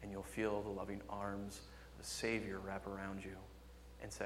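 A man's voice: lowish voice, little pitch movement, moderate pace, pauses often, background noise. Impassioned male pastor in a reverberant hall. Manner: impassioned, swings from loud emphasis to hushed tones. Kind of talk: sermon.

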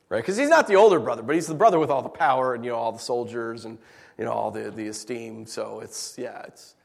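A male pastor preaching a sermon with humorous asides, animated and full of rhetorical questions. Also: mid-range voice, fairly quick, gravelly, big-room sound.

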